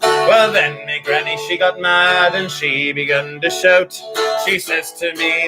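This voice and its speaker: A man's voice: a little high, fairly even intonation, a little slow. A man singing a jokey folk song full of chicken clucking over guitar, then chatting and cooing at his cat. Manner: jokey, sings chicken noises, coos baby talk at a cat. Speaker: host.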